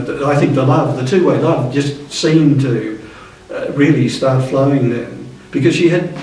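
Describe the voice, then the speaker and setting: A man in his seventies recalling the past in a thoughtful, halting way, with many restarts. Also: medium pitch, a little mellow. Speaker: interviewee. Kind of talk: reflective reminiscing. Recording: roomy echo, distant mic.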